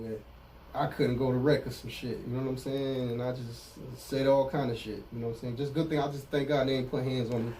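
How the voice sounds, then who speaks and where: A man's voice: medium pitch, recorded from a distance, a little hiss or hum, rough recording. A middle-aged man speaking candidly as an interview guest in street slang, often saying "you know what I'm saying". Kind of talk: casual interview about prison time.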